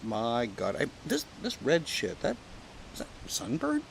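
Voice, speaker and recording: A man's voice: medium pitch, wildly swooping pitch, a little slow, rough recording. A man from Canada chatting casually outdoors at a campsite, rambling and joking with some profanity. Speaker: pipe-smoking vlogger. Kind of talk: casual outdoor vlog chat. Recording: outdoor recording with clear wind and background noise.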